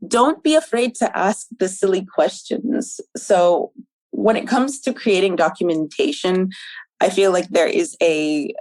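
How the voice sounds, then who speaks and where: A woman guest on a podcast interview, answering in a thoughtful, measured way with frequent ums. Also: lowish voice, darkish tone, no room sound, rough recording. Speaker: podcast guest, documentation manager.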